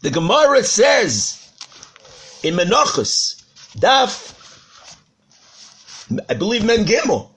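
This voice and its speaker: A man's voice: high voice, sing-song, slow, vocal fry, long pauses, fairly bright tone, husky. A man, a rabbi, giving a Torah sermon, telling a parable dramatically and repeating words for emphasis.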